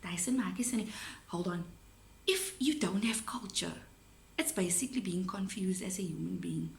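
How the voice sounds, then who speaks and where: A woman's voice: medium pitch, normal speed, vocal fry. A woman with a South African accent, a teacher giving a chatty, playful video lesson to her students. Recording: roomy echo.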